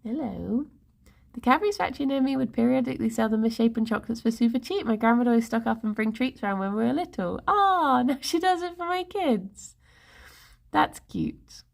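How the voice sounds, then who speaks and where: A woman's voice: fairly high pitch, a little fast, vocal fry. A woman in her thirties with an English accent, chatting casually and playfully with stream viewers, giggling often. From England. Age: 30s. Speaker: livestreamer.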